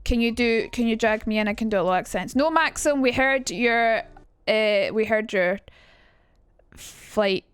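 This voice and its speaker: A woman's voice: a little high, unhurried, smooth, no room sound, faint music behind. A young Scottish woman on a casual live stream, chatting and swearing freely as she talks to her chat about accents.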